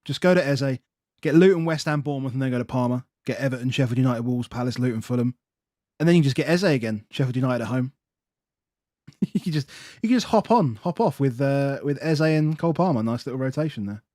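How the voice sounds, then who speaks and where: A man's voice: medium pitch, fast talker, darkish tone, dry recording, studio quality. A man co-hosting a casual football podcast, rattling off lists of fixtures and leaning on fillers as he talks. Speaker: podcast co-host.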